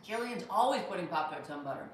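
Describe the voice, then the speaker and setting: A woman's voice: fairly low pitch, expressive, fast, recorded from a distance. A woman comedian hosting a casual livestream, reading viewer comments aloud and rambling with many restarts. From Pittsburgh. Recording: very echoey room, voice off-mic, faint hum.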